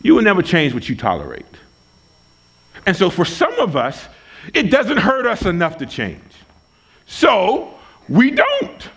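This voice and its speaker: A man's voice: high-pitched, a bit bright. A man preaching a sermon at a church service, emphatic and folksy, repeating his key lines for weight. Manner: conversational, folksy asides. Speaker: pastor.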